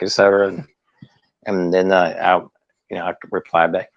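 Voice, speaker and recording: A man guest telling stories in an interview, animated and laughing often. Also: sits low, a little fast, gravelly, no echo, muffled recording. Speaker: guest, former wrestler. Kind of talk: storytelling interview.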